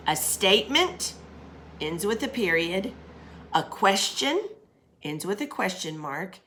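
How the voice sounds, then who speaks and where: A middle-aged woman with a bright, clear voice gives a recorded grammar lesson to young children. She explains patiently, asks questions and uses everyday examples, keeping her tone steady and mid-pitched. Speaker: teacher.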